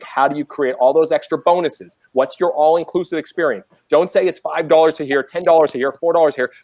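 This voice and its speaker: A man on a business roundtable telling a lively story, acting out the people he quotes. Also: medium pitch. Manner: animated, acts out quoted voices. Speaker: panelist, business owner.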